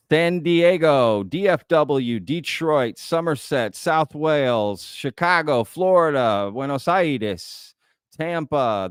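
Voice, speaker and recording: A man's voice: medium pitch, clean tone, no echo, clean studio sound. A man from Texas hosting a live-stream news show, chatting casually and reading out viewers' messages in a folksy way. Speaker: host.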